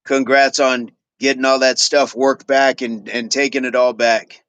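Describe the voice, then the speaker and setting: A man's voice: mid-range voice, level tone, measured pace, a bit bright, no room sound, highs cut off. A middle-aged man hosting a fitness livestream, chatting casually with viewers and repeating affirmations as he reads their comments.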